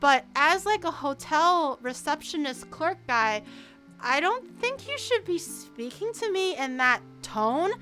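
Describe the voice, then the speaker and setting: Woman streamer rambling through a story, stammers a lot, swears, high bright voice. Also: sing-song, takes it slowly, faint music behind. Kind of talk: casual storytelling.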